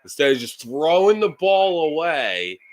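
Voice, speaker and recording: A man's voice: a little high, very animated, measured pace. A man live streaming a football game, ranting and swearing in frustration at his team's play.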